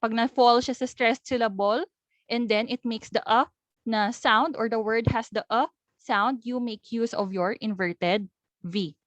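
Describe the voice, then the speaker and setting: A woman's voice: on the high side, steady tone, unhurried, no room sound. Filipino woman teaching a phonetics lesson. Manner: explains step by step, mixing in local words. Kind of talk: recorded online lesson.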